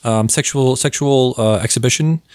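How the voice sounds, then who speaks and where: A man hosting a casual podcast, excitable and rambling, laughing often and filling gaps with ums. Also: medium pitch, normal speed, clean tone, no echo, clean studio sound. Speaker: podcast host.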